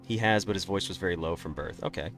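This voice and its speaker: A man's voice: low-pitched, fast talker, over music. A man streaming a game, chatting casually and rambling through opinionated takes. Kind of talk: casual live-stream chat.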